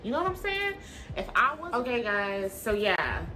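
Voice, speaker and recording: A woman vlogger telling a story to her camera, blunt and animated, with swearing and slang. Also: a little high, moderate pace, faint music behind.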